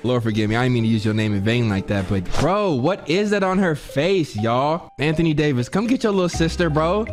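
A young man who streams, roasting cartoon clips in a slangy, animated style and calling his chat "bro.". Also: a little high, brisk, hardly any pauses, over music. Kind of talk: casual comedic commentary.

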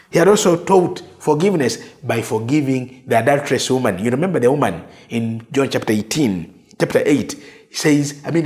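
A man from Uganda preaching a sermon in an earnest way, slowing down to stress quoted verses. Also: medium pitch. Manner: earnest preaching with slow, drawn-out emphasis on quoted words. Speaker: pastor.

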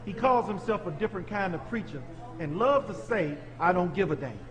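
A man voicing a loud, blunt male preacher figure who is fed up. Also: sits high, animated, fairly quick, highs cut off, a crowd in the background. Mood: brash. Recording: long hall reverb.

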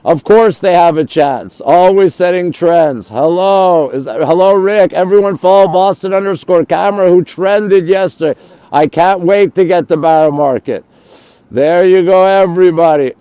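A man's voice: sits high, normal speed, mellow, clean tone, no echo, low-quality recording. A man hosting a live phone stream, touring the city view and greeting viewers by name as he reads their comments. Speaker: livestream host.

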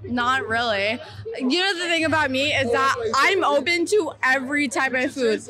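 A woman's voice: sits high, a crowd in the background. A young woman chatting bluntly and profanely in a street interview, outdoors on a busy street. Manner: blunt, profane, fast-talking. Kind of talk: casual street interview chat.

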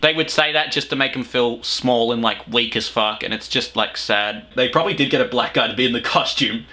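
A man's voice: mid-range voice, brisk, pushed and bright. A young Australian man giving casual reaction commentary, crude, mocking and rambling. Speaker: reaction video host.

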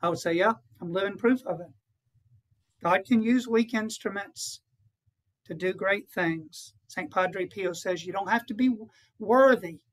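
A man's voice: sits high, a little slow, a bit bright, poor audio. A man who is a priest, giving an earnest retreat conference to fellow priests and often putting rhetorical questions to them.

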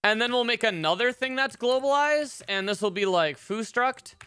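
A woman's voice: on the high side, animated, normal speed, fairly bright tone, clean tone, dry recording. A woman live-coding on a stream, chatting casually and swearing freely as she thinks aloud. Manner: profane, thinks aloud with fillers. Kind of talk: casual live-stream chat while programming.

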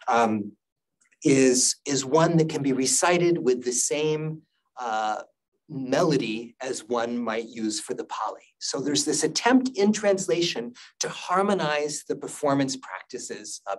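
A man giving a university lecture on poetry, halting and thoughtful, with frequent fillers. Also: mid-range voice, rough recording. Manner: chants verse lines slowly. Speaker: guest lecturer.

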